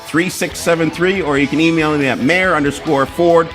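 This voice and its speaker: Blunt halting man co-hosting. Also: on the high side, a bit bright, soft background music. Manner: blunt, halting, many fillers and restarts. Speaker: co-host of a political talk show. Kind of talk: political talk show chat.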